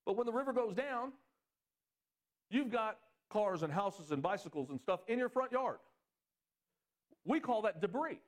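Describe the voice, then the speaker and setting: Animated preacher man. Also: moderate pace, pauses often. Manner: animated preaching, swings pitch up for emphasis. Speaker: pastor. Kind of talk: sermon.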